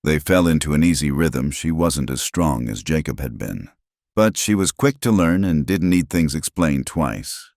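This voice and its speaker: A man telling a western tale in slow, measured narration. His voice is extremely low and gravelly. The sound is close and dry. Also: expressive, a little mellow, dry recording. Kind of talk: scripted narration.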